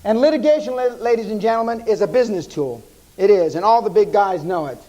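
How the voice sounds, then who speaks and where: A man's voice: high voice, animated, quick pace, dark tone, rough recording. An American man in his fifties giving a live seminar talk, telling brash stories laced with profanity. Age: 50s. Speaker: seminar speaker.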